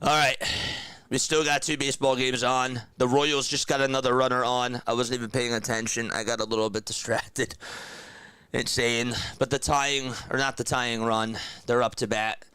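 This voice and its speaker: A young man calling baseball play-by-play on a live charity stream through a headset, loudly thanking donors and then speaking softly and emotionally. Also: mid-range voice, normal speed, smooth, no echo. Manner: excitable, shouts thanks to donors, turns emotional and quiet.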